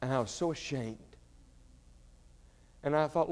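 A man preaching a sermon, swinging between shouted fervor and quiet storytelling. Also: fairly high pitch, measured pace. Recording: reverberant large hall.

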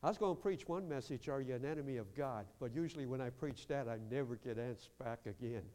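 A man preaching a lively sermon as pastor in a church, acting out quotes and breaking into shouts. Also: medium pitch, fast, a little hiss or hum. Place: church sanctuary. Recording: long hall reverb.

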